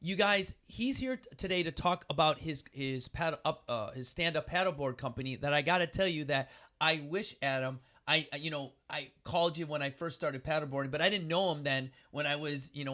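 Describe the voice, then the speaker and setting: A middle-aged man hosting a casual talk show, telling a story with animated bursts of loud acting-out. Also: on the high side. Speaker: podcast host.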